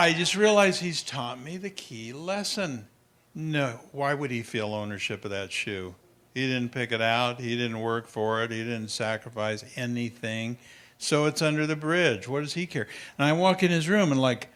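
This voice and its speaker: An older man giving a parenting talk at a conference, telling lively anecdotes to an audience and acting out his son's voice. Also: mid-range voice. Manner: animated storyteller, acts out his child's voice. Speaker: parenting speaker.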